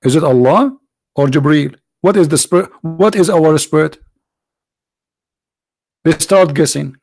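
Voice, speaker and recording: Hoarse gravelly guy running a live debate stream, mocking and taunting, dry close sound. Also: on the high side, measured pace, darkish tone, dry recording. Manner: mocking, taunting, full of rhetorical questions. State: hoarse, losing his voice. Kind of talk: combative religious polemic commentary.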